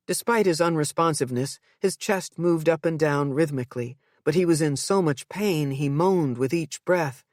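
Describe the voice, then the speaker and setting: A woman narrating a psychological thriller audiobook in the first person, with tense, measured storytelling. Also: low-pitched, darkish tone, no echo, clean studio sound.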